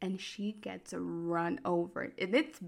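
A woman's voice: on the low side, steady tone, takes it slowly, creaky. A woman hosting a podcast, chattily recapping a telenovela plot with lots of "like" and amused asides. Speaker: podcast host.

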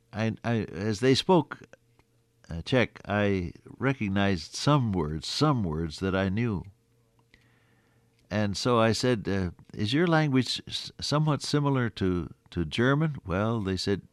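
An older man preaching a sermon, earnest and folksy, rising to emphatic peaks and then dropping soft. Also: lowish voice, no room sound, studio quality.

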